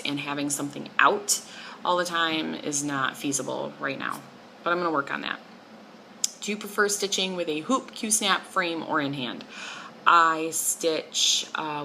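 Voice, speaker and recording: Chatty woman with a low gravelly voice. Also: sharp tone, slight background noise, rough recording. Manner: chatty, rambling, enthusiastic about stitching. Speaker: crafting vlogger. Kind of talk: casual chat.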